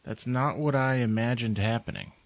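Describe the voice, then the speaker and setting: A man's voice: medium pitch, moderate pace, dry recording. A man co-hosting a podcast, chatting casually, laughing often and making jokes. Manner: laid-back, laughs often, jokey asides. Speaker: podcast co-host. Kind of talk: casual movie chat.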